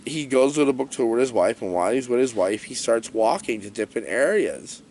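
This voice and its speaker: A man giving a comedic, rambling movie review rant in an animated, jokey way. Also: mid-range voice, a little fast, a little hiss or hum.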